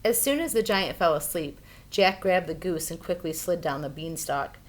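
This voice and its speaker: A woman reading a fairy tale aloud for children, expressive and playful. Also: lowish voice, normal speed, slight background noise. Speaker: storyteller. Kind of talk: children's storybook read-aloud.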